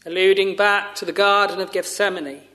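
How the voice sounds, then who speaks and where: A man preaching a sermon in a slow, solemn, measured way with long pauses, sometimes dropping to a hush. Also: high-pitched, steady tone.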